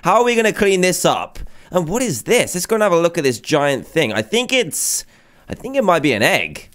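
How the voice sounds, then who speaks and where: Excitable man gaming. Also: a little high, brisk. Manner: excitable, chatty, exclaims often. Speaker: gaming video host. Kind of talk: let's play commentary.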